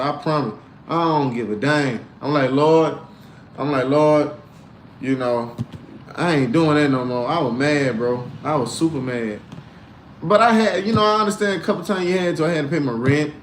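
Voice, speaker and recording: A man hosting a casual crypto livestream, animated and slangy, mixing faith talk with tips and reading out comments. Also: moderate pace, echoey room, slight background noise. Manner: animated, swinging from low grumbles to loud outbursts.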